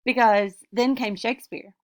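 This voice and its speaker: A young woman giving a class presentation, reading her points in an earnest, measured way. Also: on the high side, steady tone. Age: young adult. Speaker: student presenter. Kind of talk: class presentation, read from notes.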